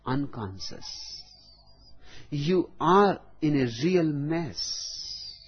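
A man giving a spiritual discourse, slow and deliberate, with long pauses between phrases. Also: mid-range voice, breathy edge. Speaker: spiritual teacher. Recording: dull lo-fi recording.

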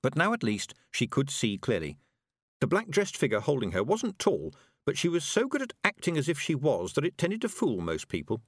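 Audiobook narrator, male, measured and expressive, lively pitch, dry close sound. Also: dry recording.

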